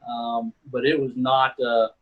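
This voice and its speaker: A middle-aged retired Army sergeant first class from Texas, appearing as a guest, tells war stories in a laid-back way, calling people "man" and "dude". His mid-range voice stays level at a measured pace, and the audio is narrow and tinny.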